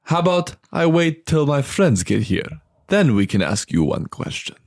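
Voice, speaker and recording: A man's voice: a little high, very animated, normal speed, vocal fry, darkish tone, no room sound, studio quality. A man playing a tabletop game, confronting another character in a playful, pushy way. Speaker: player. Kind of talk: tabletop game role-play.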